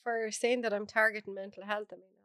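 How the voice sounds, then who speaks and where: An Irish woman with a hoarse, bunged-up voice, talking openly and bluntly as an interview guest. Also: mid-range voice, flat delivery, fast, fairly bright tone, dry recording, clean studio sound. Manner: frank, chatty, laughs often. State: hoarse from a cold. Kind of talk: casual interview chat.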